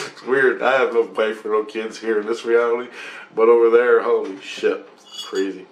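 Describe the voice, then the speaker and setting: A man's voice: lowish voice, steady tone, moderate pace, a little hiss or hum. A man vlogging, telling a dream story in a loose, profane, meandering way. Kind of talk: rambling casual storytelling. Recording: echoey room with faint ambience.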